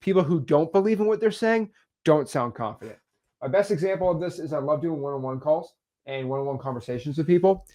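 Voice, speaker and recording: Guy coaching real estate deals, lively, acts out little phone calls, kinda high voice. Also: brisk. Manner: energetic, repeats words, acts out examples. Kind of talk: teaching talk on video.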